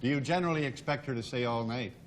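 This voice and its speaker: A man's voice: mid-range voice, fast talker, a crowd in the background. A man hosting a TV game show in a jokey, bantering way. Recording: noisy old TV broadcast with studio audience.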